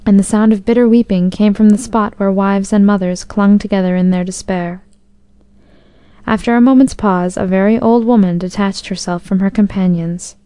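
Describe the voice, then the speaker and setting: A woman narrating a storybook in a measured, expressive reading. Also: mid-range voice, smooth, dry recording.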